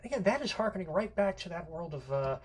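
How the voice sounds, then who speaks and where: A man's voice: high voice, lively intonation, quick pace, slight background noise. A man giving an unscripted literature lecture, rambling with many fillers and restarts and some casual swearing.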